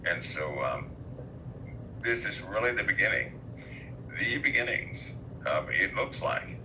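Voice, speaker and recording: A man speaking on a headset as a guest on a talk show, halting, with many fillers and restarts. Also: on the low side, animated, noisy background. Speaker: guest commentator. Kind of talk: call-in talk show chat.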